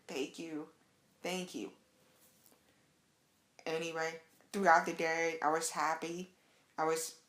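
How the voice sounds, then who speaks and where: A young adult woman telling a casual, excited story as a vlogger, acting out the quotes. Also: fairly low pitch, echoey room. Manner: chatty, excited, acts out quotes.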